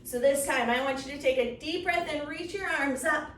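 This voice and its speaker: A kids yoga instructor leads a children's yoga story time in a high-pitched, slightly bright voice at a moderate pace, encouraging and playful, with silly animal sounds along the way. The recording is roomy and distant with faint noise.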